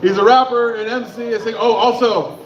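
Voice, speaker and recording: A man's voice: extremely high pitch, fairly even intonation, brisk, lo-fi sound. A man hosting a comedy show, hyping the crowd and introducing the next comic from the stage. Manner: hyping the crowd, loose and chatty. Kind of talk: emcee crowd work. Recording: echoey club with loud crowd.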